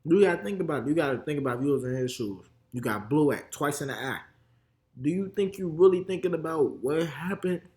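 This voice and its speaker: A man's voice: a little high, animated, fairly quick, darkish tone. A young man with a Chicago accent giving heated, slang-heavy reaction commentary. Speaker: reaction video host.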